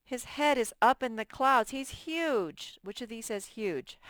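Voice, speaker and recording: Slow, smooth-voiced woman teacher. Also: on the high side, big pitch swings, fairly bright tone, no echo. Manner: drawn-out words, sounding out letters. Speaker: first-grade teacher. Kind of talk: reading lesson for young children.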